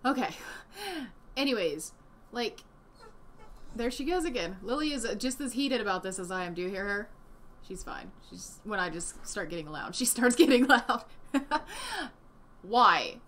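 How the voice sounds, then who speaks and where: Indignant, lively young woman vlogger. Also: mid-range voice, measured pace, pauses often, slight background noise. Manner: indignant, animated, swears often. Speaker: commentary vlogger. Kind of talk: casual reaction commentary. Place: home room with desk and a dog nearby.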